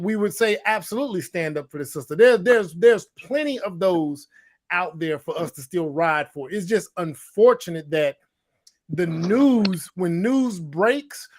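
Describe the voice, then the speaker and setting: A podcast co-host on a casual discussion show speaks in a high, expressive voice at a measured pace. He's emphatic, repeats himself, and acts out quotes.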